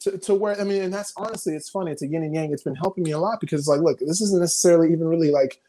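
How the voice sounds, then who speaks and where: A young man and video creator talking casually in an interview over a video call, telling frantic, animated stories full of swearing. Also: on the high side, racing.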